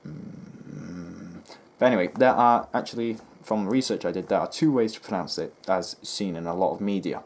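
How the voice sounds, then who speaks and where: A man's voice: lowish voice, quick pace, hardly any pauses, darkish tone. A man hosting a history video, chatting casually with lots of ums and restarts. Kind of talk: casual rambling commentary to camera.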